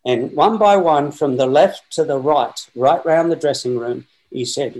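A man's voice: fairly high pitch, measured pace, hardly any pauses, poor audio. Rambling Australian man telling a story. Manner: lively, rambling, with many fillers and restarts. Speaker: guest. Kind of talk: storytelling anecdote.

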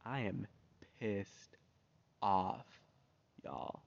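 A man's voice: lowish voice, animated, extremely slow, gravelly. A man ranting in a casual monologue, heated and slangy, swearing freely. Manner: profane, heated, loose and slangy. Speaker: vlogger. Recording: dull lo-fi recording.

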